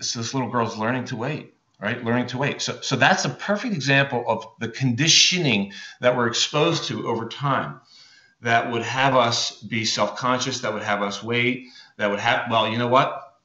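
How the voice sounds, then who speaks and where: A man giving a motivational talk in an energetic, emphatic way, often checking in with "right?" and "okay?". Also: medium pitch, moderate pace. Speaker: motivational speaker. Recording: roomy, dull lo-fi recording.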